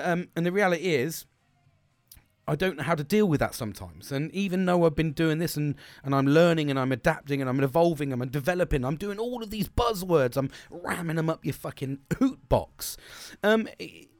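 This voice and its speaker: A man's voice: on the high side, no room sound. Sweary, rambling man, dry sound. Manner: frank, sweary, rambling with restarts. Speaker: podcast host. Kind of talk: candid solo podcast.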